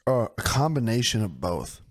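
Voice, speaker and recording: A man in casual podcast chat with a mid-range voice. He tells animated, rambling stories and swears freely, like someone talking with an old friend. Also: mid-range voice, normal speed. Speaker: podcast co-host.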